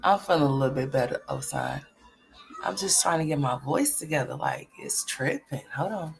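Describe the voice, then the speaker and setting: A woman hosting a casual livestream, greeting viewers and chatting in a voice that is cracking and hoarse. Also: deep voice, very animated, moderate pace, faint music behind. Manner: chatty, greets viewers by name, drops into whispers. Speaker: livestream commentary host.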